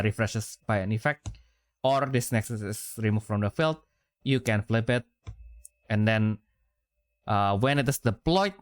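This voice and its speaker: A man co-hosting a casual gaming podcast, reading card effects out loud in a halting way, with many fillers and self-corrections. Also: on the low side, smooth, dry recording, clean studio sound. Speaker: podcast co-host.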